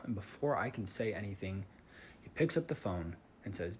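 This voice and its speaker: A man telling a personal story in a candid, casual monologue, swearing freely and shifting between calm and worked-up. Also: low-pitched, brisk, slight background noise. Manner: candid, swears often, emotional swings. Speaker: vlogger.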